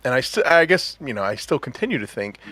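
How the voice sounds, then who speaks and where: A man's voice: mid-range voice, sing-song, fast talker, bright, forceful tone, no echo. A man hosting a podcast in casual chat, enthusiastic and laughing often as he talks. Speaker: podcast host.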